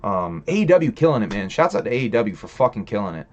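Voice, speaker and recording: A man speaks quickly and in a sing-song way while hosting a relaxed livestream, his voice somewhat low and the sound lo-fi. He swears freely, fills gaps with filler words, rambles between ideas, and replies to chat messages as they come in.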